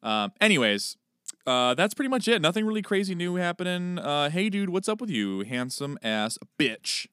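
A man with a bright, smooth voice tells stories on a podcast, his pitch swinging lively as he jokes. The sound is dry and close. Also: normal speed, dry recording. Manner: jokey, animated storytelling. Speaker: podcast co-host. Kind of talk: casual chat.

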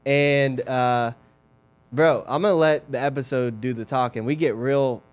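A man co-hosting a podcast, giving a relaxed, upbeat introduction. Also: medium pitch, measured pace, clear, resonant tone. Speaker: podcast co-host. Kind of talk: casual show intro.

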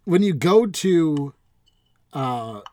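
Young male co-host, frank and casual, slightly higher voice, dry close mic. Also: drawn-out words, dry recording. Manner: relaxed, frank, swears casually. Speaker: podcast co-host. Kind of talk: casual podcast chat.

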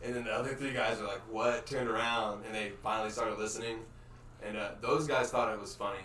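A man's voice: lowish voice, steady tone, fast talker, pushed and bright, a little hiss or hum. A man, a stand-up comedian telling a rambling, laid-back story in casual chat, chuckling as he goes. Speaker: stand-up comedian and podcast co-host. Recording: echoey room, mic at a distance.

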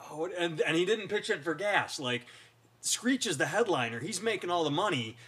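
A man's voice: on the high side, very animated, moderate pace, pushed and bright, breathy edge. A man, a stand-up comic and podcast co-host, telling stories in casual, rambling, profane chat. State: hiccups.

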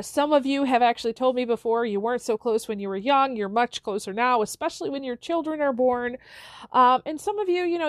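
A woman's voice: a little high, dry recording, studio quality. A middle-aged woman hosting a reflective solo podcast, speaking earnestly with many fillers and restarts. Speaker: podcast host.

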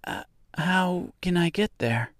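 A man's voice: high voice, lively intonation, takes it slowly, no room sound, studio quality, pitched above the performer's own voice, exaggerated voice. A man doing a timid little girl. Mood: anxious. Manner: timid, pleading questions. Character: young girl, anxious and lost.

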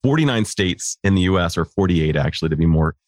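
A male interview host speaks in a fairly low voice, reflecting on ideas in careful, academic terms before he asks his questions. The sound is close and dry, with no room around it. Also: expressive, brisk, no echo. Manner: thoughtful, uses academic vocabulary. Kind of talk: podcast interview.

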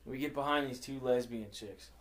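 A man's voice: medium pitch, normal speed. A young man telling crude driving stories in a casual podcast chat, swearing freely and acting out quotes. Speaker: podcast co-host. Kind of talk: casual storytelling.

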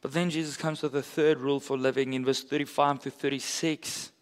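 A man's voice: mid-range voice, level tone, fairly quick, clean tone. Man preaching in a reverberant hall. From South Africa. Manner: earnest and conversational, with casual asides. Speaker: pastor. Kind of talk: sermon.

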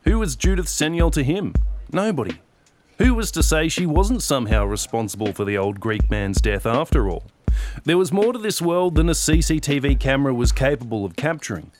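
A man reading a novel-length audio story as narrator, measured and dry. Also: medium pitch. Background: guitar music.

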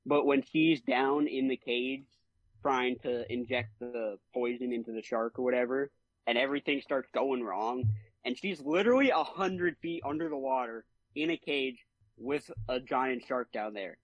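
Animated young man on a dry mic. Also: mid-range voice, moderate pace, no echo, highs cut off. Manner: animated, laughs often, acts out quotes. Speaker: podcast co-host. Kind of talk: casual movie chat.

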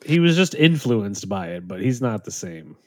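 A man hosts a relaxed podcast conversation, his voice rising and falling in a lively way as he talks. He laughs easily between lines, and the sound is dry and close. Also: on the low side, normal speed, dry recording. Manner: laughs often, animated. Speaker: podcast host. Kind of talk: casual chat.

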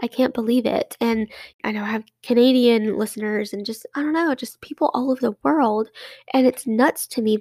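A woman's voice: fairly high pitch, creaky, no echo. A young woman, hosting her solo podcast in an effusive, grateful, chatty way full of restarts. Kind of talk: casual monologue to listeners.

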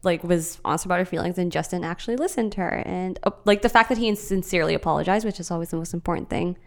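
A woman's voice: fairly low pitch, fast, creaky. Agreeable woman podcast co-host. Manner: agreeable, frequent "yeah". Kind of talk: casual chat.

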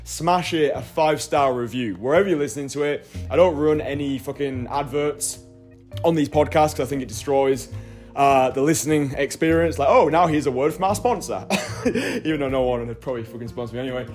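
A man's voice: mid-range voice, a little fast, darkish tone, faint music behind. A man hosting his podcast in a rambling, laddish monologue, swearing freely. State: slightly out of breath. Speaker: podcast host. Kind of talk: casual monologue and chat.

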